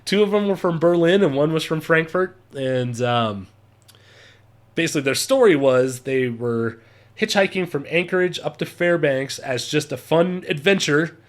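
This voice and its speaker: Man vlogger, a bit high-pitched, laughs often while telling a trip story. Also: normal speed. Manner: chatty, laughs often, acts out quotes. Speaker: travel vlogger. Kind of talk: casual storytelling.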